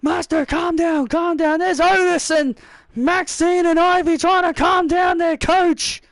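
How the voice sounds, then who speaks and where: A man voicing worried wrestling teammates who plead with their angry coach to calm down. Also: very high-pitched, unhurried, no room sound, studio quality, pitched above the performer's own voice, heavily acted. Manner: pleading, soothing.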